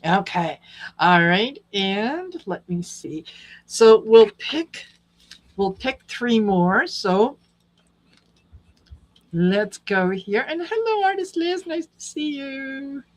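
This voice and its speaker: A woman's voice: medium pitch, expressive, drawn-out words, long pauses, poor audio. A woman hosting a live tarot reading stream, chatting casually and calling out viewers by name. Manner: friendly, calls out viewer names.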